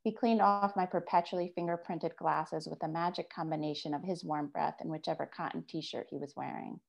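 A woman author reads her own fiction aloud, steady and measured. Her voice sits on the low side, with a gravelly fry at the ends of phrases. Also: muffled recording. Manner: measured first-person reading.

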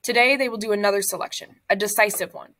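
A woman reading a memoir aloud, voicing an exhausted, breathless older father who speaks in a hurried, urgent way. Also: medium pitch, bright, forceful tone.

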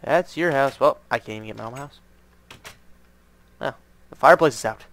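A man's voice: mid-range voice, normal speed, a bit bright, a little hiss or hum. A man casually commenting as he plays through an adventure map, joking and reading signs aloud. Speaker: gaming channel host.

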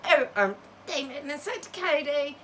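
A woman's voice: sits high, expressive, moderate pace, a loud crowd. A woman telling a funny story in casual chat, playful and teasing, laughing as she goes.

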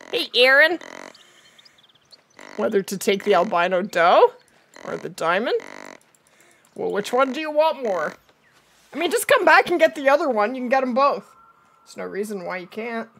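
A woman's voice: on the high side, fairly bright tone. A middle-aged woman streaming a hunting game live, chatting with viewers and answering their comments as she plays.

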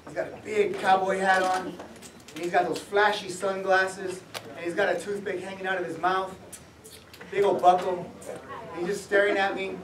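A man who is an author gives a public talk in a museum event space, telling his story with laughs and acting out the people in it. His voice is high-pitched with flat delivery at normal speed. The mic is far off in an echoey room, with a little hiss or hum.

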